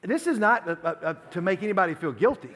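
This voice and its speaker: A man's voice: high voice, quick pace. A man preaching to a youth group, telling stories animatedly and acting out the dialogue. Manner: animated storytelling, acts out dialogue. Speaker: youth pastor. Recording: long hall reverb.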